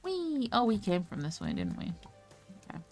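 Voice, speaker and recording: Gravelly-voiced woman streaming a game. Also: fairly low pitch, huge pitch swings, a little fast, faint music behind. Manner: chatty, swears casually, laughs often. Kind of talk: live gameplay commentary.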